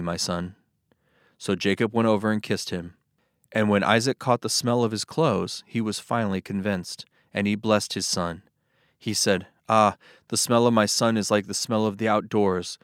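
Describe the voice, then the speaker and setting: A man reading Bible passages aloud as scripted narration, with a steady, even storytelling delivery. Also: fairly low pitch, moderate pace, dry recording, studio quality. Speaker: Bible reader.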